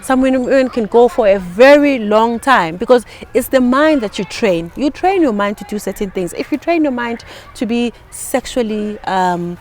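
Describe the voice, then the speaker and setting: Female co-host, calm explanatory chat, mid-pitched, light background hiss. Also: normal speed, few pauses. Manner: calm, explaining, frequent affirming mm-hmms. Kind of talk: casual podcast chat.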